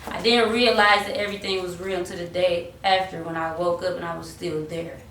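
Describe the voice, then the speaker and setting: A woman's voice: fairly low pitch, fairly quick. A young woman casually telling a story about her music career, acting out quotes and slipping into bits of song. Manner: animated, acts out quotes and slips into singing. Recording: roomy sound from a distant mic, faint hiss.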